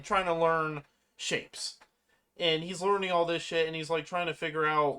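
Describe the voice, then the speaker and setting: A casual speaker recapping a movie's plot in a rambling way, swearing often and acting out quotes in animated voices. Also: medium pitch, moderate pace, clear, resonant tone. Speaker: movie reviewer.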